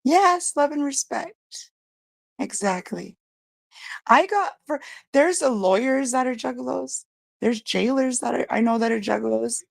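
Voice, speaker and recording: A woman chatting on her own livestream, blunt and profane as she rambles from one thought to the next. Her voice sits a little high with a gravelly fry running through it. The sound is close and dry, with no room around it. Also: a little slow, no echo. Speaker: livestream host. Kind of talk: casual livestream chat.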